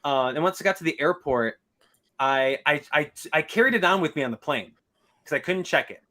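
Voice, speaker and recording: Bright-voiced animated man telling a story. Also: fairly high pitch, fairly quick. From Chicago. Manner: animated, swearing, acts out quotes. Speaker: podcast co-host. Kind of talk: casual chat, storytelling.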